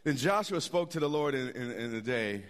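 Lively, animated preacher man. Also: medium pitch, moderate pace. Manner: animated preaching with repetitions and asides to the congregation. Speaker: pastor. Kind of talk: sermon.

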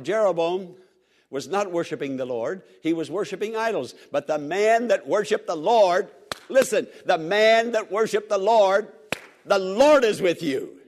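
A pastor with a high voice preaches to his congregation. He drives his points home by repeating key lines and asks the listeners to answer back. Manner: repetitive, emphatic preaching with call-and-response. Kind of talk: sermon.

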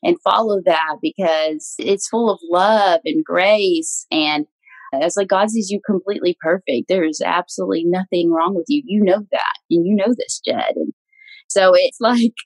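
A young woman guest in a casual interview, earnest and warm, laughing often as she talks. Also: on the low side, normal speed, no room sound, rough recording. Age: young adult.

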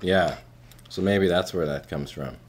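A man co-hosting a casual chat, animated, laughing often and trailing off quietly at the ends of his thoughts. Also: deep voice, unhurried, slight background noise.

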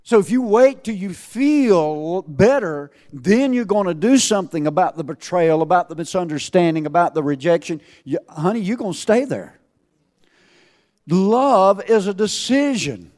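A man preaching a sermon to a congregation, swinging between loud calls and hushed asides and asking rhetorical questions. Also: high voice, animated, normal speed.

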